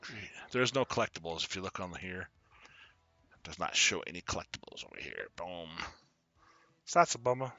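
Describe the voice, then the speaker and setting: A man giving casual commentary while streaming a farming game, chatty and quick to laugh as he greets his viewers. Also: deep voice, big pitch swings, vocal fry, bright, forceful tone, no echo, highs cut off. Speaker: gaming streamer.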